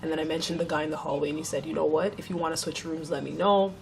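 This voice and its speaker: A woman's voice: deep voice, fairly even intonation, very fast, gravelly, a crowd in the background. A young woman vlogger telling a story in a casual chat, swearing freely and acting out what others said.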